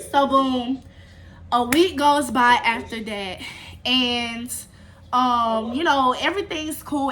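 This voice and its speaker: A woman telling a casual storytime tale, animated and profane, with fight sound effects. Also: on the high side. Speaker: storyteller vlogger.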